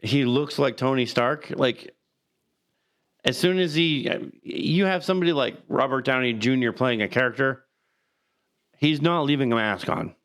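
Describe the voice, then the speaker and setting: A man co-hosting a podcast in quick, animated casual chat, often tripping over repeated words. His voice is smooth and resonant at a middling pitch. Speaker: podcast co-host.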